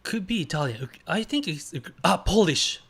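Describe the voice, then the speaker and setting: This streamer has a fairly high-pitched voice that sounds gravelly and husky. He talks casually over a guessing game in halting, basic phrases, occasionally breaking into excited cheering.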